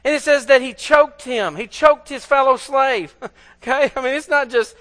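A man preaching with a high-pitched, ringing voice. He keeps it conversational and keeps asking his listeners rhetorical questions. The sound carries a long reverb, as in a large hall. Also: normal speed, sharp tone. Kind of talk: sermon.

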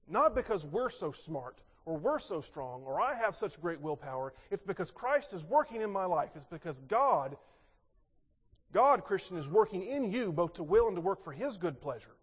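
A man with a high-pitched voice delivers a sermon, posing rhetorical questions and swinging from emphatic to hushed. His voice carries a long reverb, as if from a large hall. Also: moderate pace, husky. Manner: expressive, rhetorical questions, swings between loud and soft. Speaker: pastor.

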